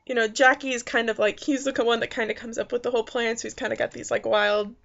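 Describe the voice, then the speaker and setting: A woman's voice: on the high side, flat delivery, fast talker, vocal fry, fairly bright tone, lo-fi sound. A woman giving a casual spoken movie review, rambling with many fillers and restarts. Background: faint background noises.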